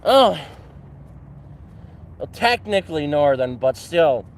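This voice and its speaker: A man's voice: a little high, sing-song, takes it slowly. Canadian man rambling on a rainy camp livestream. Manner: rambling and self-mocking, with playful "eh" and "bud". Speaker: livestream host. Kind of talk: casual outdoor livestream chat. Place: outdoors at a rainy campsite.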